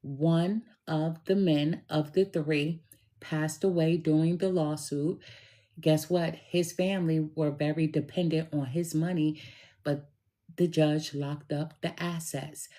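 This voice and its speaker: Middle-aged woman, low mellow voice, unhurried storyteller talking straight to camera. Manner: slow, deliberate and emphatic, addresses listener directly. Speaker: tarot reader telling a personal story. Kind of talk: casual storytelling monologue.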